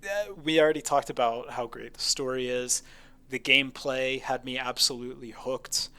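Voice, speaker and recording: A man's voice: mid-range voice, normal speed, pushed and bright. A man co-hosting a casual video game podcast, talking with enthusiasm and emphasis. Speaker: podcast co-host. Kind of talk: casual game review chat.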